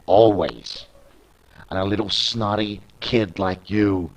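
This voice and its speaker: A man's voice: on the low side, takes it slowly, a little hiss or hum, rough recording. A young man voicing a boastful, arrogant male wrestler who brags and taunts his opponent. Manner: bragging, taunting.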